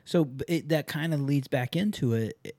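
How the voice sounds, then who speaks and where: Young adult man, blunt and profane, animated storyteller, mellow tone, dry close sound. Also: on the high side, moderate pace, no room sound. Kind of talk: casual chat.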